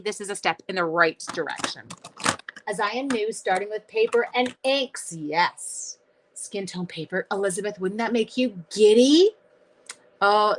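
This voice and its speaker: A woman's voice: medium pitch, a bit bright. Bubbly woman hosting a craft livestream. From Canada. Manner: bubbly, self-deprecating, chats with viewers by name. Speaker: host of a live card-making stream. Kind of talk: live crafting tutorial chat.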